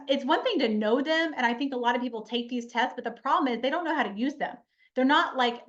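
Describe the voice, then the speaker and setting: A woman's voice: high voice, a bit bright. A woman giving an earnest, chatty motivational webinar talk as a life coach, repeating key lines for emphasis. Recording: slightly muffled webinar audio.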